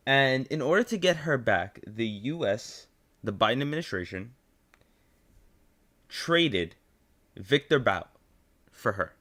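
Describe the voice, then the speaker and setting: A man's voice: mid-range voice, a bit bright. A young man with a New York accent ranting as host, incredulous and profane, repeating himself as he builds up. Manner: incredulous, swearing, repetitive rant.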